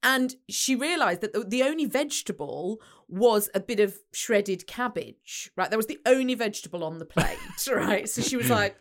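A woman's voice: fairly high pitch, expressive, moderate pace, few pauses. A woman co-hosting a podcast, telling an anecdote in casual chat and laughing through it. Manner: giggly storyteller, laughs through her anecdotes. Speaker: podcast co-host.

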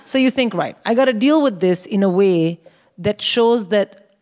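A middle-aged woman co-hosting a live comedy show, telling a story in a wry, animated way and acting out the dialogue on stage. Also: mid-range voice, measured pace. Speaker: comedian co-host. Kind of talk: stand-up storytelling.

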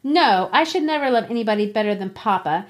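A woman's voice: a little high, animated, quick pace, close to an everyday voice. A woman reading as an indignant teenage girl.

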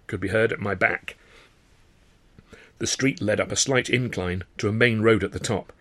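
A man reading his own novel aloud as author-narrator, with brisk, wry storytelling. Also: lowish voice, fairly bright tone. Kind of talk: audiobook narration.

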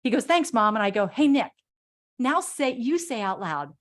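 A woman's voice: high-pitched, sing-song, normal speed. A middle-aged woman, a self-love coach, giving an enthusiastic motivational talk to a group and acting out little quotes in a playful way.

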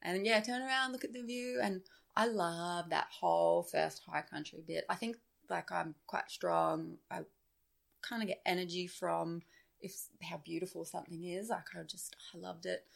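A woman telling a story as a podcast guest, animated and full of "like". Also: on the low side, normal speed, vocal fry. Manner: animated, with frequent filler "like". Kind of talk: casual storytelling chat.

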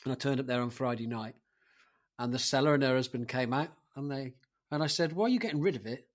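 A man's voice: medium pitch, fast. A man hosting a casual podcast chat, swearing and telling rambling anecdotes. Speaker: podcast host running the segment.

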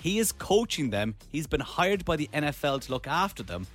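A man's voice: on the high side, moderate pace, soft background music. A man co-hosting a radio podcast, chatting casually and telling stories with lots of laughs. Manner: lively, storytelling, laughs often.

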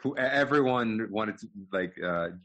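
A man's voice: on the low side, animated, normal speed, fairly bright tone. A man co-hosting a podcast, rambling through joking asides in casual chat. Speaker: podcast co-host.

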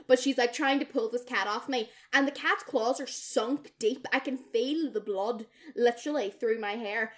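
A young woman co-hosting a podcast, telling a wild story in casual chat, animated and swearing freely as she acts out the people in it. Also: on the high side, moderate pace, hardly any pauses. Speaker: podcast co-host.

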